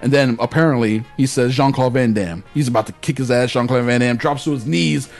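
A man hosting a podcast, telling a story in a casual, animated way with plenty of swearing. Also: mid-range voice, brisk, faint music behind. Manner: animated, profane anecdote telling. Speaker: podcast host.

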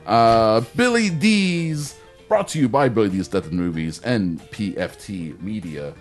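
A man's voice: deep voice, lively intonation, moderate pace, faint music behind. A man hosting a podcast in casual chat, rambling through plugs and correcting himself as he goes. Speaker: podcast host.

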